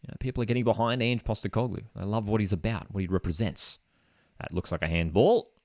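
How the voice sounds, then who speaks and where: Low-voiced football streamer. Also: male voice, steady tone, fast talker, no room sound, studio quality. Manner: casual and enthusiastic, often says "man". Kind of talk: live match watchalong commentary. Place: home streaming desk setup.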